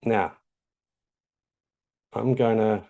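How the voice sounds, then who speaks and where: Nz guy walking through a tutorial, gravelly and mellow, loose and chatty. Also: fairly low pitch, drawn-out words. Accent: New Zealand. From New Zealand. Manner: chatty, loose, many ums. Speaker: tutorial host. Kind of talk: casual screen-share tutorial.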